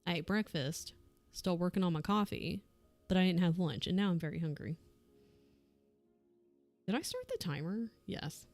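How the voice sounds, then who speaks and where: A woman's voice: lowish voice, sing-song, normal speed, pauses often, a little mellow, dry recording, faint music behind. A young woman streamer chatting casually while she crafts, telling a rambling story and laughing often. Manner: laughs often, rambling anecdote with acted quotes.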